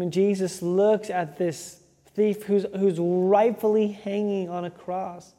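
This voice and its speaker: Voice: mid-range voice, steady tone, slow, dark tone, big-room sound. A preacher delivering an emphatic sermon built on rhythmic repetition.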